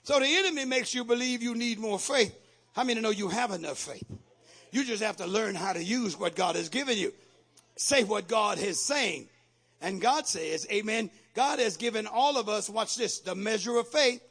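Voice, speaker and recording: A pastor preaches in a strikingly high, gravelly voice. His tone is bright and slightly husky. He moves between plain teaching and fervent, shouted call-and-response. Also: moderate pace. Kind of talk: sermon.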